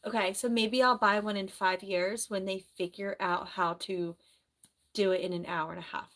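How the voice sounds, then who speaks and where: A woman streams live in a casual, rambling chat and reads out comments as she goes. She speaks softly at a middling pitch, and her sore throat makes her clear it now and then. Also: steady tone, normal speed. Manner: chatty, rambling, soft-spoken.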